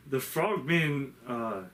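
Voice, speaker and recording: A man's voice: mid-range voice, fairly bright tone. A man casually retelling a movie's plot for a spoiler review, rambling and swearing, acting out the characters' lines as he goes. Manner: rambling and profane, acts out lines from the film.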